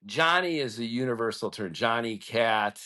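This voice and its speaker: A man's voice: medium pitch, expressive, normal speed, pushed and bright. Podcast host, man, blunt and profane, casual ranting storyteller.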